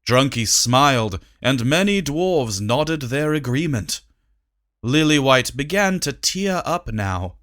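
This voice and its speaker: A narrator reads a comic storybook in a steady, mid-pitched voice. The delivery is slow and deliberate, and each line is given room. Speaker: audiobook narrator.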